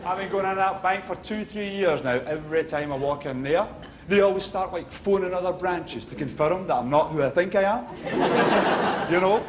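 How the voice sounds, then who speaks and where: Performing stand-up against a noisy background, this middle-aged comedian with a Glaswegian accent has a high-sitting voice and talks at normal speed. He animatedly plays out the characters' voices and exchanges in his stories.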